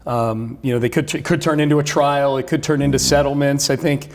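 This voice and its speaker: A man's voice: medium pitch, fairly even intonation, a little fast, slight background noise. A middle-aged man who hosts sports radio, guesting in a casual chat and talking at length with many restarts. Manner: talkative, many restarts and fillers.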